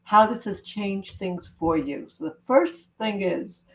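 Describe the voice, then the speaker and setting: A woman love coach giving an earnest, gentle self-help talk to camera, with spiritual wording. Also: mid-range voice, expressive, takes it slowly, rough recording.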